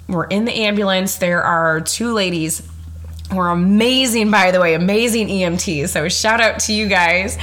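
A woman's voice: lowish voice, a bit bright. Chatty young woman telling a personal story. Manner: chatty, emphatic, laughs often, casual swearing. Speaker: podcast host.

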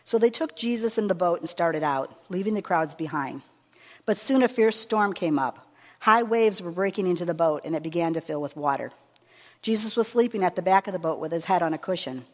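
A woman preacher giving a sermon with a long scripture reading, earnest and measured, stressing her words as she reads aloud. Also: on the low side, lively intonation. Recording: long reverb of a hall.

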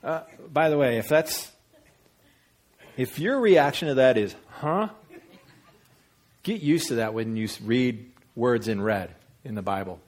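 A man preaching a sermon, animated and storytelling, acting out voices with big jumps in pitch. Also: normal speed. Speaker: pastor.

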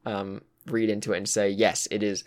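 Man, lowish voice, casual chat, thinking aloud, fillers and sighs. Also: level tone, normal speed. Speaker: co-host discussing a video game.

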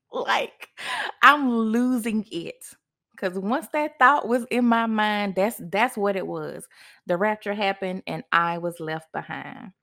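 A young woman hosts a podcast and tells a personal story. Her delivery is animated, and her voice climbs sharply when she acts out her own past words. She talks like she is sharing it with a friend. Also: medium pitch, a little slow, vocal fry. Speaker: podcast host.

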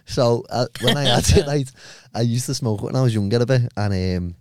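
A man's voice: medium pitch, a little fast, dry recording. A young man with a strong Liverpool accent spins stories as a podcast guest, swearing freely and acting out his own reactions. His voice sits mid-range and is recorded close and dry, with no room sound. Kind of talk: casual storytelling chat.

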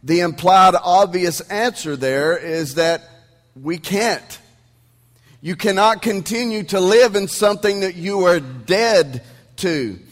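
Preaching through the sound system of a church sanctuary, this East Texan pastor uses lots of rhetorical questions in an emphatic yet conversational way. His voice sits high and trails a long reverb tail.

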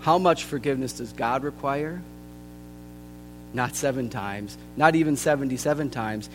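A man preaching a sermon, earnest and deliberate, his voice softening at the ends of phrases. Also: mid-range voice. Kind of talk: sermon with scripture reading. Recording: long hall reverb with faint music.

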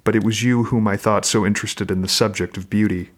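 A man reading aloud the lines of a calm, sharp-tongued young Norse wife from a novel, in his own low voice. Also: fast, lightly acted. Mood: calm, pointed. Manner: calm, quietly pointed.

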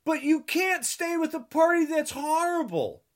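In a very high-pitched, sing-song voice and at an unhurried pace, this man from New Jersey rants about politics. As a commentator, he's angry, sarcastic, and indignant, mocking with repeated refrains and scolding listeners.

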